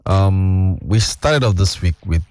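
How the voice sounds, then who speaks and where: A man's voice: low voice, slow, a little mellow, dry recording. A man, a guest explaining financial news at length in casual chat, with many fillers. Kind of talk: casual radio-style chat.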